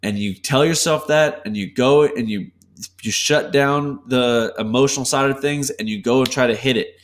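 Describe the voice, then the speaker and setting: A man of ordinary pitch co-hosts a casual podcast. He explains his ideas earnestly and at length, often restarting his sentences mid-thought. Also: moderate pace. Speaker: podcast co-host.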